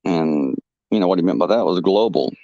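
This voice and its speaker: A man on a podcast telling a rambling first-person story, halting and full of fillers and restarts. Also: sits low, expressive, no room sound, dull audio.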